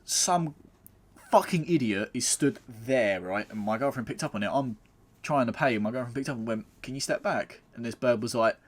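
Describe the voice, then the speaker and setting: A man's voice: medium pitch, normal speed. A man, co-hosting a podcast and telling blunt, sweary anecdotes. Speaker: podcast co-host. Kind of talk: casual chat.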